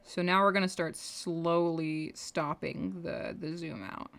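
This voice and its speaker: A woman's voice: lowish voice, steady tone, slow pace, fairly bright tone. A young woman livestreaming her animation work, chatting casually, rambling and muttering to herself as she draws. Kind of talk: casual chat while drawing on stream.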